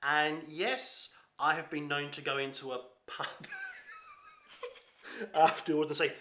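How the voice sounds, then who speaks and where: A man's voice: on the high side, flat delivery, unhurried, long pauses, bright, forceful tone, a little hiss or hum. A man chatting casually, laughing often and restarting his phrases. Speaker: children's science performer. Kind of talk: casual chat. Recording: roomy echo.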